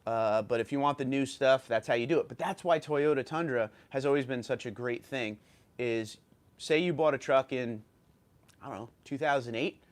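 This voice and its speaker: A man with a New York accent talks casually into his livestream at an ordinary mid pitch. He thinks aloud as he reads viewer comments, with loose fillers and restarts. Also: normal speed. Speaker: livestream host.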